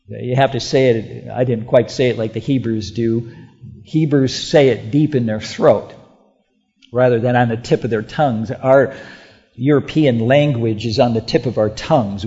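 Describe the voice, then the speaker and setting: A man's voice: medium pitch, normal speed. Emphatic preacher man in a reverberant hall. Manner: emphatic, repeats phrases, swings from loud to hushed. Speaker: pastor. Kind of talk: sermon. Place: church sanctuary. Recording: muffled, with long hall reverb.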